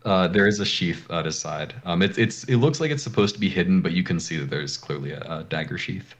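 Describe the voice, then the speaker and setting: Low-voiced man running a tabletop game. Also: fairly quick. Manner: hesitant, many ums and uhs. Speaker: game master.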